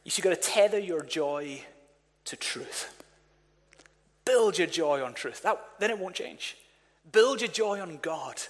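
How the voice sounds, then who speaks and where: Male pastor, lively sermon delivery, slightly high voice, church hall with long reverb. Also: normal speed. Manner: energetic, calls on the congregation to respond.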